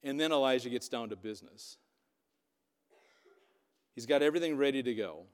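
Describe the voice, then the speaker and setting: A man preaching a sermon, retelling scripture as lively storytelling with sarcastic asides. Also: mid-range voice, moderate pace. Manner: animated storytelling, voicing quotes with sarcasm. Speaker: pastor. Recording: long hall reverb.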